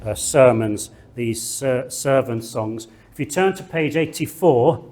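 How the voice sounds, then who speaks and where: A man giving a slow, deliberate theology lecture in a classroom, reading scripture aloud and stressing key words. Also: medium pitch, darkish tone. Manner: slow, deliberate, emphatic delivery with measured pauses.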